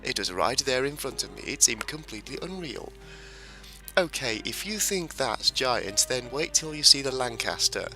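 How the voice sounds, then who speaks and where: Bright, animated man, chatty gameplay commentary with story reading. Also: medium pitch, moderate pace, faint music behind. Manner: chatty and self-mocking, reads story text aloud. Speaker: game video maker.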